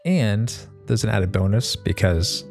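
Over background music, a mechanic rambles through a laid-back monologue packed with fillers and restarts, casually dropping the occasional swear. His voice is lowish and animated with vocal fry, and he keeps a measured pace.

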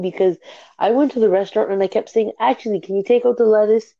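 Gravelly, chatty woman from Canada. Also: mid-range voice, fairly quick, warm tone, muffled recording. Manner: chatty, many fillers, giggly. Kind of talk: casual chat.

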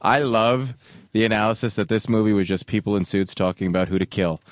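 A man co-hosting a comedy film podcast, tossing in quick sarcastic quips. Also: fairly low pitch, dry recording, clean studio sound. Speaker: podcast co-host.

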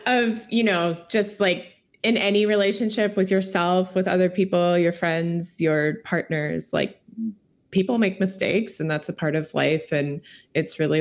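A young woman co-hosting a podcast, rambling casually with halting restarts and giggles. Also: fairly low pitch. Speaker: podcast co-host.

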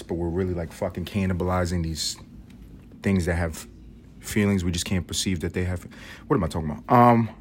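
A young man from New York City telling rambling, profane stories on his solo podcast. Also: slight background noise. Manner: rambling, profane, muses aloud; mimics his grandmother in a high voice. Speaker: podcast host. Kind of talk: casual solo storytelling.

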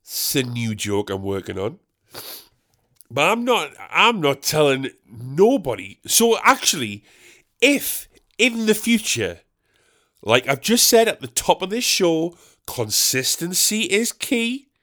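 Animated man ranting comically. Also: a little high, slow. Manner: animated, goofy, swears freely. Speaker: podcast host. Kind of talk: comedic solo podcast rant.

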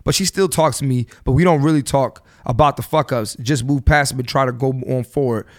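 Blunt, profane podcast host man in his thirties. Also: brisk. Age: 30s. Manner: animated, voice jumps up high when fired up; blunt, swears freely, slangy street talk. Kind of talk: solo podcast rant, casual and profane.

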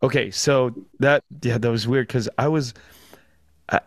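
A man hosts a casual interview over a video call. His voice is mid-pitched and sounds dry and close, with no room around it. He asks curious questions and often repeats a word or two as he begins. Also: steady tone, a little slow, dry recording. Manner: curious, conversational, repeats words as he starts. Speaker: podcast host.

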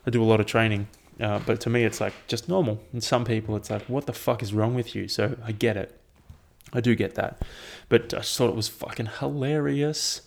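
Young man, casual rambling host, swears freely, gravelly and a bit low. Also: a little fast. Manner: rambling and profane, with frequent ums. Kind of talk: casual chat.

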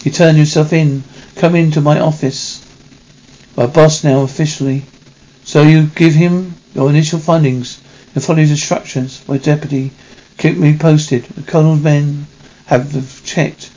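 A man reading a film script aloud in a halting way, correcting himself as he goes. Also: fairly high pitch, steady tone, dark tone, muffled recording. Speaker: reader.

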